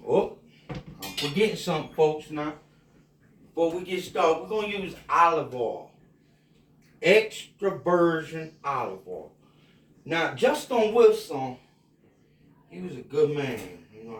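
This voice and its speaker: A tipsy home cook with a Louisiana Cajun accent rambles in a folksy drawl while cooking for a casual vlog. His voice is a little high and the recording is reverberant.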